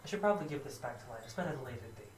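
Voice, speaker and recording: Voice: medium pitch, lively intonation, very fast, slight background noise. A player in a tabletop game, chatting casually and laughing often. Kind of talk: tabletop role-play. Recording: echoey room, far from the mic, faint music.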